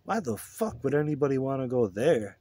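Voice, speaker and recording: A man voicing a crude, burned-out male drifter who is laid-back and profane, with a higher, loose drawl. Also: big pitch swings, a little fast, dark tone, no room sound. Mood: scornful.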